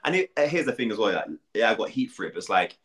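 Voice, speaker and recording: Quick-talking young British man. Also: on the low side, sing-song, fairly bright tone. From United Kingdom. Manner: quick, rambling, self-deprecating with frequent fillers. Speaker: reality show contestant, guest. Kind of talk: casual interview chat.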